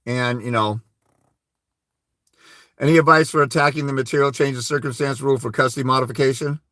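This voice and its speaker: A man's voice: mid-range voice, fairly even intonation, brisk, pushed and bright, no room sound, clean studio sound. A blunt, profane man giving casual legal advice to fathers on a livestream, telling stories with quoted dialogue. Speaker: host of a fathers' rights livestream.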